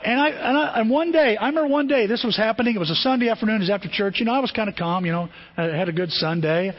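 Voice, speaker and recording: A man preaches a sermon in a high, husky voice, telling stories with animated swings and frequent restarts. The recording is dull and lo-fi. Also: racing. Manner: storytelling, animated, repeats and restarts phrases. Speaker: pastor.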